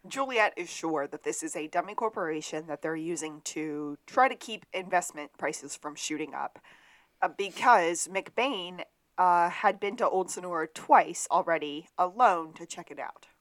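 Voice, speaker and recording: A woman co-hosting a podcast, recapping a TV episode with dry, deadpan interjections. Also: lowish voice, normal speed, dry recording. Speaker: podcast co-host.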